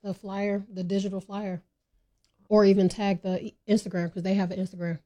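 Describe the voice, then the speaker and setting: A woman's voice: mid-range voice, normal speed. Chatty, laughing woman counselor. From California. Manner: lively, chatty, laughs easily. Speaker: guest, drug and alcohol counselor. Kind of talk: radio interview.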